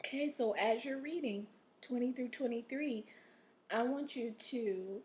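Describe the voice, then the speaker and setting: A woman teacher with a somewhat high voice records a reading lesson for young pupils, speaking patiently and pausing often to check in with a repeated "okay?" She reads passages aloud expressively to model them, and there's a little hiss or hum in the audio.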